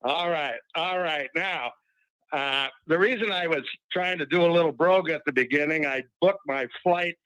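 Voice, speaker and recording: A man's voice: a little high, normal speed, a bit bright, no echo, low-quality recording. A man calling in to a sports talk show, chatty and wry, rambling a little as he talks. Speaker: regular caller. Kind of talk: call-in sports chat.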